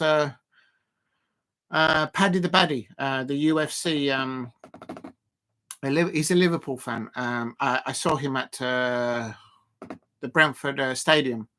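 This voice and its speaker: A man hosting a casual live stream, talking in an excitable, rambling way and often laughing. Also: medium pitch, a little slow, pauses often. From South London, Colombian roots. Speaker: live stream watch-along host.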